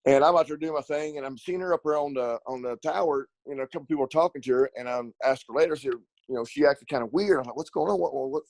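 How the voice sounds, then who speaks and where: Fast-talking middle-aged man, dry sound. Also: on the high side, vocal fry, darkish tone, dry recording, poor audio. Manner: rambling, laughs often, repeats words. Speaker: ATV racer and riding school coach. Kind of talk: casual storytelling interview.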